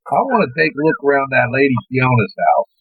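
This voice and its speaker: A man's voice: medium pitch, big pitch swings, fast talker, husky, no echo, phone-quality sound. A man playing a tabletop game over a video call, joking and swearing playfully. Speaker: player.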